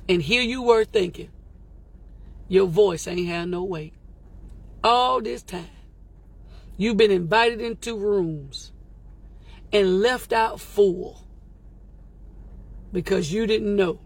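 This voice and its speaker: Woman hosting a motivational podcast, gravelly voice with some fry, preachy and emphatic, talks right at you. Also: mid-range voice, takes it slowly, pauses often, low-quality recording. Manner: emphatic and preacherly, talking straight to listeners with exclamations. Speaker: host of a daily motivational podcast.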